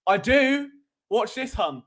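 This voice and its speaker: A man's voice: extremely high pitch, sing-song, takes it slowly, a bit bright. A young British man hosting a sports live stream, chatting in a cheeky, rambling, jokey way. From Britain. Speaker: sports show host.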